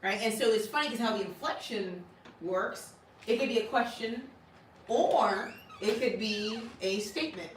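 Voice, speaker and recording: A woman's voice: mid-range voice, expressive, normal speed, slight background noise. Woman teacher, casual and laughing, echoey classroom, heard from across the room. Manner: casual, laughs often, asks "right?" a lot. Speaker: language teacher. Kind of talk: classroom lesson. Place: classroom with a board. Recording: echoey room, recorded from far off.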